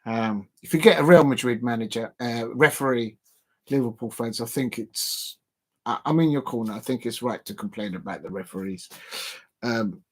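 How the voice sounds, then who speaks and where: A man's voice: mid-range voice, moderate pace, breathy edge. A man hosting a football watch-along livestream in casual, rambling chat, calling out to the fans watching. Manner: rambling, chatty, addresses fans directly. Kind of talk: casual live-stream chat.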